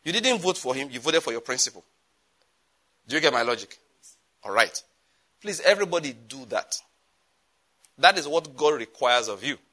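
A man, preaching a sermon as a pastor, emphatic and animated, with repetitions and sudden asides. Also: mid-range voice, moderate pace, pauses often.

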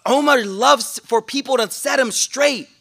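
A man giving a lively, joking sermon to a class, speaking in casual slang. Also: extremely high pitch, unhurried, gravelly. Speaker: sheikh giving a talk. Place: room with a listening audience.

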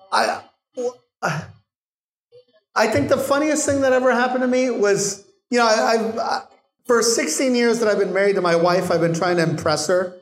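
A middle-aged man, a guest bartender, telling animated stories in a live Q&A and laughing often. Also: high-pitched. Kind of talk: live Q&A storytelling. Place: bar venue with audience. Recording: echoey live venue.

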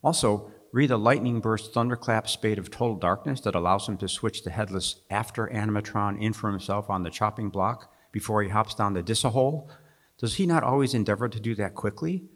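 Low-voiced male author, wry and chuckling, reads his fiction at a festival event. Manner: wry, chuckling, with halting restarts when talking freely. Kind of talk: reading fiction aloud at a live festival event, then discussing. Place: festival stage.

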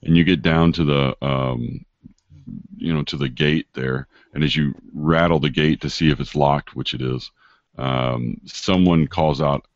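A man running a tabletop game as game master, narrating haltingly and searching for words with many fillers. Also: very deep voice, fairly even intonation, dry recording. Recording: dull dry lo-fi recording.

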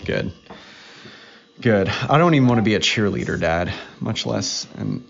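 A man in his thirties hosts a homemade podcast, joking and teasing his kid in relaxed chat. His voice sits fairly low, and the home recording sounds dull and lo-fi. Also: a little slow, vocal fry. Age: 30s. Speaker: podcast host and dad. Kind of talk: casual chat with his young daughter.

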